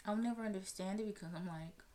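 A woman hosting a casual talk podcast, giving blunt and animated commentary and swearing freely. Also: medium pitch, quick pace. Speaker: podcast host. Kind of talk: casual commentary on celebrity news.

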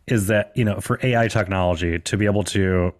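Male podcast host, lower voice, loose rambly delivery, laughs and curses a lot. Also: fairly quick. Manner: rambling, laughing, swears often, many "like" fillers. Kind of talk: casual chat.

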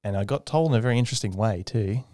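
A man's voice: rapid-fire, dry recording, studio quality. Young man telling a story. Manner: animated storyteller, mimics others in a high voice. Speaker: aerospace engineer guest. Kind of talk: casual interview conversation.

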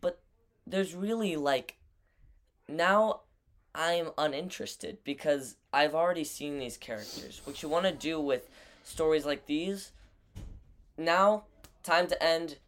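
A man's voice: a little high, takes it slowly, pauses often, a bit bright. Casual man co-hosting a podcast. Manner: steers talk back on topic. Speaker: podcast co-host. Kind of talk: casual chat.

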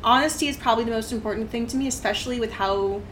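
A woman's voice: a little high, very fast, fairly bright tone, a little hiss or hum. A woman being interviewed on a podcast, speaking frankly and casually with frequent laughs. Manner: frank, laughs often, fillers like "like". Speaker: podcast guest.

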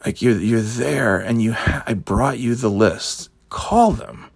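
A middle-aged man, hoarse from heavy coughing, rambling and exasperated in a casual vlog, swearing as he complains. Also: mid-range voice, measured pace, no room sound. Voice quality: gravelly, raspy.

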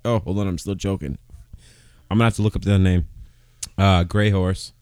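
A man's voice: sits low, fairly even intonation, moderate pace, a little mellow, clean tone, dry recording, studio quality. A man co-hosting a casual podcast chat, rambling loosely and swearing now and then. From Maine. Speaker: podcast co-host.

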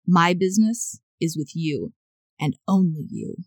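A woman reading aloud the lines of a reckless, slightly drunk young gentleman in a period novel, with dramatic emphasis. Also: lowish voice, very animated, unhurried, dry recording, studio quality, exaggerated voice. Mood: urgent. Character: brash charming young gentleman rake, drunk.

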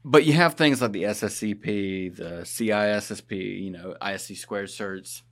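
A man's voice: on the low side, moderate pace. Joking, blunt man hosting a podcast. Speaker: podcast host. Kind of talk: casual podcast chat.

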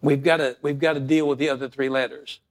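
A male pastor preaching a sermon, moving from quiet, prayerful talk to loud, fervent passages and acting out stories in character voices. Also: mid-range voice, level tone, quick pace.

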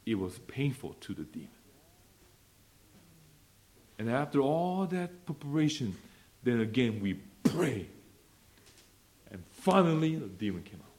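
Impassioned preacher. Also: male voice, mid-range voice, very animated, a little slow, pauses often. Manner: impassioned, swinging from quiet asides to loud declarations. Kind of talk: sermon and closing prayer. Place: church fellowship meeting.

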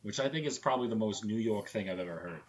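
A man's voice: fairly low pitch, quick pace. A man co-hosting a comedy podcast, joking crudely and laughing often in casual chat. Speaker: podcast co-host.

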